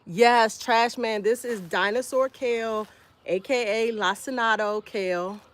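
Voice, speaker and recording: A woman's voice: a little high, measured pace. A woman hosting a casual livestream outdoors in her garden, chatting with viewers by name while she harvests. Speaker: homestead livestreamer.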